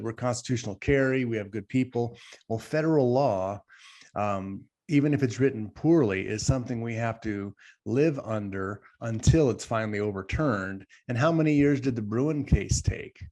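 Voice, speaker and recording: A man's voice: medium pitch, mellow. A man co-hosting a podcast, talking emphatically and at length, often turning to address the listeners directly. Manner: emphatic, rambling, talks straight to the audience. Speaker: podcast co-host. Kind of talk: casual podcast discussion.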